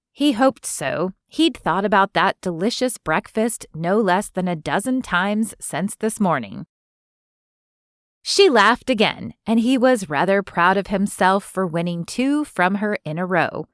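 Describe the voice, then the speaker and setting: A woman reading romance fiction aloud as an audiobook narrator in an even, smooth storytelling manner. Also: medium pitch, unhurried, no room sound, clean studio sound. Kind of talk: scripted narration.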